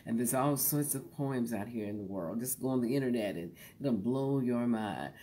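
A woman host coaching her audience on reading poems aloud, in a relaxed, folksy tone that jokes easily. She draws her words out slowly and now and then sinks into a hushed whisper. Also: a bass voice, slight background noise. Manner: slow and drawn-out, sometimes dropping to a soft whisper; folksy and joking. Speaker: host teaching poetry recitation. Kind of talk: relaxed instructional talk to an online audience.

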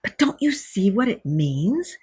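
A woman voicing a brisk, practical male water rat in a read-aloud storybook, eager and bossy. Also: medium pitch, very animated, darkish tone, breathy edge, dry recording, clean studio sound, full character voice. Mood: excited. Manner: bossy, eager, sometimes exasperated.

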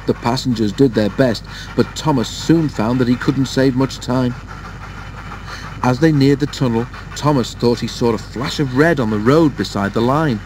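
A man's voice: medium pitch, moderate pace, darkish tone, slight background noise. Man reading a storybook aloud. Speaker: narrator.

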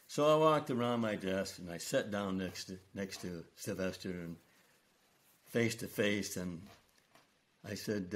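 An older man, a retired school principal, telling stories from his career in an earnest, unhurried way during an interview. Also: low voice. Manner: slow, earnest storytelling with quoted dialogue. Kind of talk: storytelling interview.

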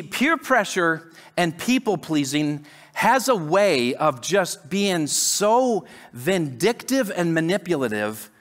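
A male pastor delivering a lively sermon in a reverberant church hall. His voice sits fairly high and swings widely in pitch. He talks in a conversational way, restarting phrases and acting out quotes. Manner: animated, conversational preaching with many restarts and acted-out quotes. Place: church sanctuary.

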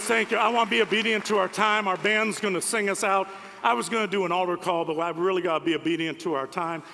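High-voiced fervent preacher. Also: male voice, sharp tone, a little hiss or hum. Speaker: pastor. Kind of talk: sermon. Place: large conference hall. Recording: reverberant conference hall.

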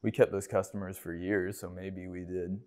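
A man on a podcast, a business owner telling lively anecdotes and acting out other people's lines. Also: low-pitched, normal speed. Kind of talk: casual storytelling interview.

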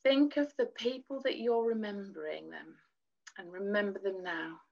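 A woman leading a gentle children's worship lesson, teaching in a soothing sing-song voice and singing simple lines for children to repeat. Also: mid-range voice, normal speed, vocal fry. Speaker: children's church leader. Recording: dull lo-fi recording.

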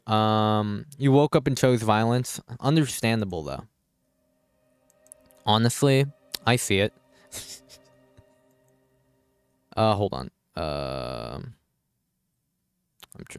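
Low-pitched guy streaming games, slow and scattered, always saying hold on, cussing at chat casually. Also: smooth, dry recording. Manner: distracted, keeps saying hold on while fiddling with settings; swears casually, talks back to chat. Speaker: live streamer.

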